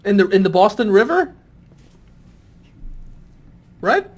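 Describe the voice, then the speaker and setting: Lively, cursing Irish man. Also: high voice, takes it slowly. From Ireland. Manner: animated, swears freely, jumps into exaggerated voices. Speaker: podcast guest. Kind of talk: casual podcast chat.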